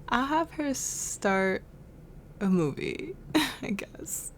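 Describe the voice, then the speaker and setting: A woman hosting a life-sim game playthrough talks in an unhurried, easygoing way. She is chatty and amused, with frequent giggles. A faint hiss sits under her desk-mic recording. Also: on the high side, expressive. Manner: laughs often, chatty and amused. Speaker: let's play host. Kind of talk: casual gameplay commentary.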